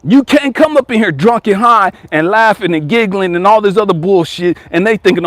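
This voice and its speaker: A man in his forties talks straight and profane as a life coach. His pitch sits high for a man and swings widely, and the recording is dry and close. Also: big pitch swings, a little fast, few pauses, fairly bright tone, no echo. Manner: blunt, profane, emphatic. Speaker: life coach and channel host. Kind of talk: casual motivational monologue.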